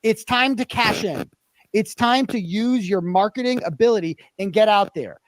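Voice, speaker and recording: A man's voice: animated, moderate pace, dry recording. A man in a played clip, ranting angrily and profanely about money, fired up and worked up. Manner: fired-up, profane, swinging pitch. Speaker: commentator in a played livestream clip. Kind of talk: angry rant.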